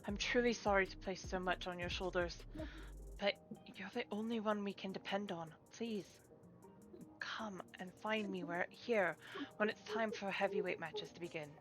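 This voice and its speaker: A woman voicing an earnest, dutiful young female game character in fan voice-acting, speaking softly and sincerely. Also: medium pitch, moderate pace, over music, close to an everyday voice.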